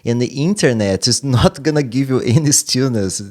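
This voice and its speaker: A man's voice: medium pitch, animated, normal speed, darkish tone. A man hosting a podcast interview, talking in an earnest, reflective way and often searching for his words. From Brazil. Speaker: podcast host and martial arts coach. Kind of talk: casual interview chat.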